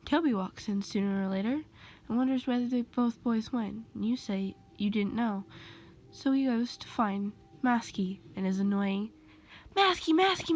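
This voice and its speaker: A woman casually reading a second-person fan story aloud, rambling and correcting herself as she goes. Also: a little high. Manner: loose, rambling delivery with self-corrections. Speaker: amateur storyteller.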